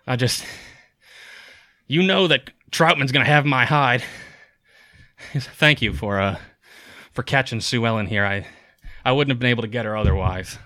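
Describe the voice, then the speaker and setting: A man's voice: medium pitch, moderate pace, bright, forceful tone, no room sound, clean studio sound, natural voice. A man voicing a small, out-of-breath male kobold who works at an inn, talking in a folksy, sighing, chatty way. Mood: flustered.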